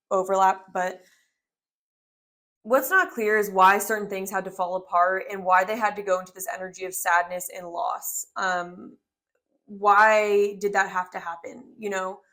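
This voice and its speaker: A woman's voice: medium pitch, a bit bright. A young woman in her twenties talks through a tarot spread. Her delivery is loose and rambling, full of "like" and "um", and heartfelt. She sounds like someone chatting to viewers. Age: 20s. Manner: rambling and heartfelt, many filler "like"s. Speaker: tarot reader. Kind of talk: casual spoken tarot reading.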